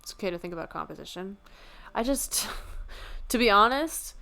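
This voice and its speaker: A woman's voice: mid-range voice, animated, normal speed, vocal fry, sharp tone, a little hiss or hum. A woman streamer chatting casually and joking at her own expense while she draws. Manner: joking, self-deprecating. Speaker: livestreamer.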